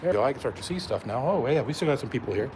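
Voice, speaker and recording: This pepper-eating streamer speaks rapid-fire with lively intonation, his mid-range voice somewhat dark in tone. Slightly winded, he greets viewers by name in a casual chat, filmed indoors upstairs on a phone camera held close, with slight background noise.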